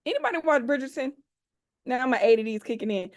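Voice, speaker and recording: A woman's voice: high voice, very animated, fast talker, darkish tone. Playful, chatty woman hosting a video call. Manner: playful, chatty, slangy, hypes up the audience. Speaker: host of an online expo.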